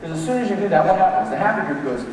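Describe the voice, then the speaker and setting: A man giving a lively motivational leadership talk to a live audience, acting out the voices of people in his examples. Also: high-pitched, racing. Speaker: motivational speaker. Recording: echoey hall, mic from a distance.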